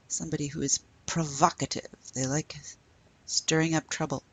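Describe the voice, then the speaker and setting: A woman teaching French in a recorded lecture, slowly modelling pronunciation for students to repeat. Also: sits low, steady tone, slightly rough, no room sound.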